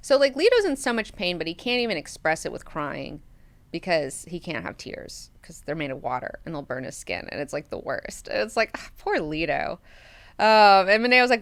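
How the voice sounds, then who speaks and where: A woman hosting a book club, recapping chapters in a chatty, animated way with frequent filler words. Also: fairly low pitch, normal speed, dry recording, studio quality.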